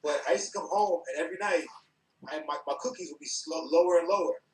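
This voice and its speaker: A man from New York, a guest on a podcast, telling stories with laughter and acted-out quotes in a relaxed chat. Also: a little high, fast. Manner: animated, acts out quotes, laughs often. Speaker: podcast guest, former wrestler. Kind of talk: casual storytelling chat. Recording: roomy, from a distance.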